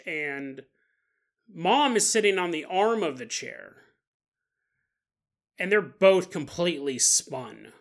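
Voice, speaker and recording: Guy hosting a spooky podcast, high bright voice, cracking jokes as he retells a story. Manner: joking, laughing asides, animated. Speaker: podcast host. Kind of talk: comic retelling of a paranormal story.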